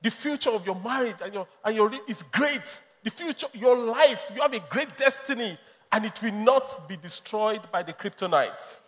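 High-voiced pastor in a reverberant hall. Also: male voice, animated, moderate pace, fairly bright tone. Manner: emphatic, storytelling, laughs often. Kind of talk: sermon. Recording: long reverb of a large hall.

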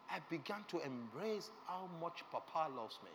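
Earnest preacher with lively swings. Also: male voice, a little high, moderate pace, hardly any pauses. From Nigeria. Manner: earnest, emotional storytelling, asks the audience questions. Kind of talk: sermon testimony. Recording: reverberant hall with faint background noise.

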